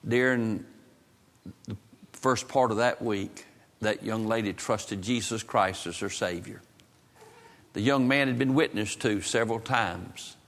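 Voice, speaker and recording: A man's voice: mid-range voice, a bit bright. Man, pastor, folksy sermon storytelling, impassioned, lingering hall reverb. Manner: folksy, climbs to impassioned pleading. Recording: long reverb of a church hall.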